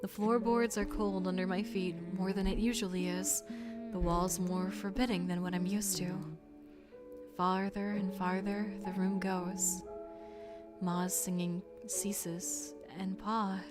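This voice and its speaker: A woman reading a video game's first-person narration, as a grown man recalling a childhood tragedy, in a soft and measured way. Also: mid-range voice, little pitch movement, over loud music, lightly acted. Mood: somber. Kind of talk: reading game narration aloud.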